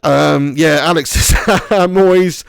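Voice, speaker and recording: A man's voice: a little high, animated, brisk, no echo, clean studio sound. Chatty man streaming a football game. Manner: chatty, rambling, laughs while reading chat. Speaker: gaming streamer. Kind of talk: casual live-stream game commentary.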